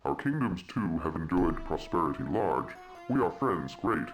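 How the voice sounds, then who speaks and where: Very low-voiced desert traveler, formal and stilted, for a game. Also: male voice, very animated, moderate pace. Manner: formal, inverted word order. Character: foreign traveler envoy, man, odd grammar. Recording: game audio over music.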